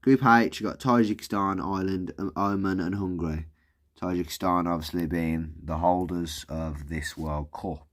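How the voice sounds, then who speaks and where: A man's voice: low voice, fairly even intonation, normal speed. A man giving casual, rambling commentary while playing a video game, swearing and thinking aloud. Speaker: gaming video creator.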